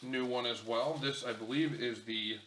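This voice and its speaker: A man's voice: mid-range voice, fairly even intonation, normal speed, a bit bright, a little hiss or hum. A man co-hosting a casual unboxing chat, enthusiastic and repeating himself often. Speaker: co-host reviewing miniatures. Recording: echoey room.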